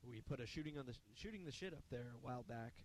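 A man talks through his podcast's weekly plugs in a loose, rambling way, peppered with uhs and ums. His voice sits at an ordinary middle pitch. A faint hiss runs under the recording. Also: animated, fast. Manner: rambling, filler-heavy delivery. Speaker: podcast co-host. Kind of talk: casual podcast chat.

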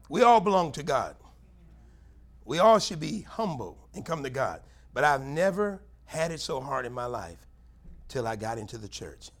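A middle-aged man, a longtime pastor, preaching a Bible study sermon in a folksy, conversational way, with sudden high, loud bursts for emphasis.

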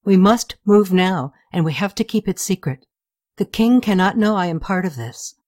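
A woman voicing a middle-aged queen who is scheming but gentle, speaking calmly and with command. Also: mid-range voice, moderate pace, dry recording, clean studio sound, natural voice.

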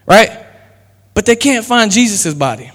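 A man's voice: sits high, expressive, unhurried, a bit bright, in a large hall. A man preaching a sermon as pastor, acting out quotes and calling on the crowd to respond.

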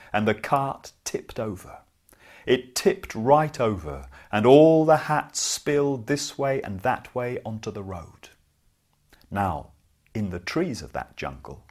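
A man telling a folk tale to children at an unhurried pace. His mid-range voice swings between booming lines and hushed ones, with deliberate pauses for drama. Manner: slow, dramatic, with big swings of pitch and volume. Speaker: storyteller. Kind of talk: storytelling for children.

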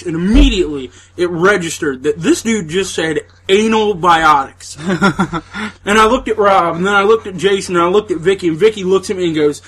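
A man's voice: high voice, a bit bright, breathy edge. A man co-hosting a casual comedy podcast, telling crude stories and laughing through them. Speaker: podcast co-host.

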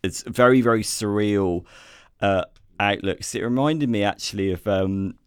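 A man's voice: on the low side, a little slow, smooth, no room sound, clean studio sound. A British man co-hosting a casual film podcast, talking in a hesitant way with many fillers and restarts, livelier when enthused. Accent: British English. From Britain. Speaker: podcast co-host, film reviewer.

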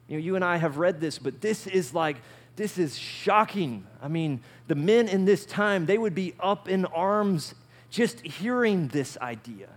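A male pastor preaching a sermon in an animated way, often asking his listeners questions. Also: fairly high pitch. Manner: animated, asks the audience questions.

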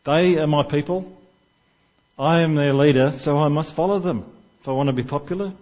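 A man puts on a pompous male politician who speaks in a grandiose, statesman-like manner. The voice sits a bit higher than his usual talk and comes across louder. The recording sounds dull and lo-fi. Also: normal speed, natural voice.

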